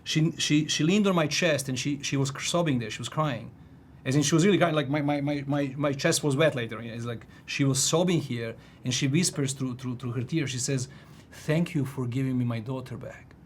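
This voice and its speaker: A man in his forties telling a personal story in casual chat, animated, restarting sentences and laughing often. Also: mid-range voice, a little fast, a little hiss or hum. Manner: animated, frequent restarts and laughs, "if you know what I mean".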